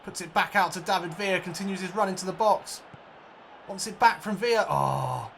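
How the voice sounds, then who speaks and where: Gamer doing jokey match commentary. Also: male voice, high-pitched, a little fast, creaky, a little hiss or hum. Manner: jokey, swings into excited outbursts and swearing. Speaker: let's play gamer. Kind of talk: mock football commentary over gameplay.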